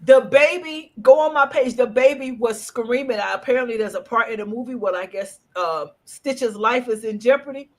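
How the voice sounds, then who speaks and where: A woman co-hosting a casual chat podcast over a video call, telling stories in an animated, expressive way. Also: on the high side, normal speed, hardly any pauses. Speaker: podcast co-host.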